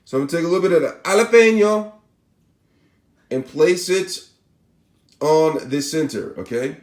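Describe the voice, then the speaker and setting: A man's voice: on the high side, normal speed, darkish tone, roomy sound. Man with a Spanish accent demonstrating a recipe. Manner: casual, repeats "all right?" and "okay?" to check in. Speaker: cooking channel host. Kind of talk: step-by-step cooking demonstration.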